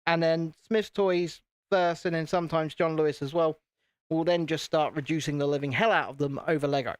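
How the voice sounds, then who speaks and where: A man's voice: on the high side, fairly even intonation, fairly quick, clean tone, no room sound. A British man hosting a casual live stream, chatting to viewers while he builds and poking fun at himself. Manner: chatty, self-deprecating, talks to viewers.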